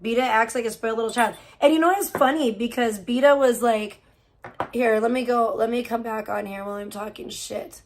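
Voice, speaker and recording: Brief: woman streamer, slightly high voice, cussing and gossiping in a loose chatty rant. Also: steady tone, a little fast, a little hiss or hum. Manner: profane, gossipy, venting about other streamers. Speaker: livestreamer. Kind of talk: casual livestream rant.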